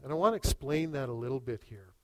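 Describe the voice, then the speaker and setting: A man preaching a sermon who tells stories dramatically, dropping to hushed lines and rising to loud, urgent ones. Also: medium pitch, animated, fast talker, no room sound, low-quality recording. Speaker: pastor.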